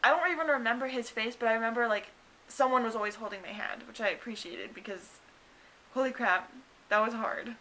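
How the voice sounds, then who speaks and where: A woman's voice: brisk, bright, forceful tone, rough recording. A young woman in her twenties telling her birth story in a chatty way, full of fillers, acting out what people said. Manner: chatty, many "like" fillers, acts out quotes in higher voice. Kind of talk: casual storytelling to camera.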